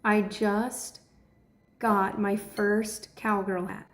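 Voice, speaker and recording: A Texan woman in her 20s hosts a livestream, chatting casually, laughing often and breaking into excited shouts. Her mid-range voice moves very slowly in an echoey room.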